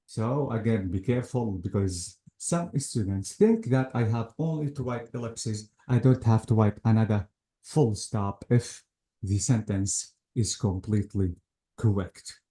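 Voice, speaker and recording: A man's voice: on the low side, a little slow, dark tone. A man teaching an English grammar lesson, patiently repeating points and checking that the student follows.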